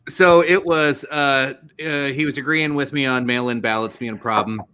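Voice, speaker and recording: A man's voice: medium pitch, steady tone, moderate pace, sharp tone, smooth. A man co-hosting a casual political podcast, blunt and profane, laughing often. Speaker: podcast co-host.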